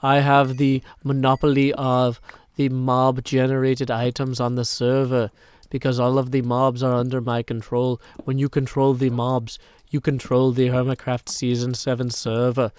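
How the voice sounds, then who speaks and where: Smug, boastful mob-hoarding schemer, louder and showier than the host, a man's put-on voice. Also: mid-range voice, completely flat delivery, normal speed, smooth, no echo, natural voice. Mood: gloating. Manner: boastful, grandiose. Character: smug scheming man hoarding all the mobs.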